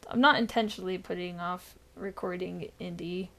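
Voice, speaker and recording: Tired gravelly-voiced woman podcast co-host. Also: on the low side, moderate pace. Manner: tired, deadpan delivery; rambling with frequent fillers and laughs. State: recovering from illness. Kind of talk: casual podcast chat.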